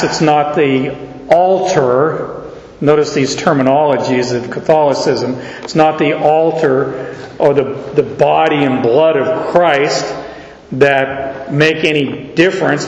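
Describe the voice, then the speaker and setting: A man preaching an expository sermon to a congregation, speaking slowly and deliberately and joking with his listeners. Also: a little high. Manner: slow, deliberate, jokes with the audience. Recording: echoey hall, slightly dull.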